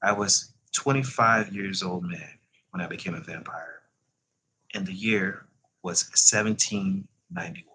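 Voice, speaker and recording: Man reading as a composed old male vampire, deep voice, husky, measured storytelling. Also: lively intonation, sharp tone, heavily acted, rough recording. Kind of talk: reading a novel aloud.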